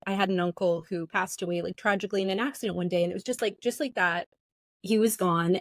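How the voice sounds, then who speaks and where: A woman's voice: medium pitch, a little mellow, no echo. Earnest woman guest, reflective. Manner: earnest and reflective, many "like" fillers. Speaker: guest who runs play sessions. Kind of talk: casual conversation.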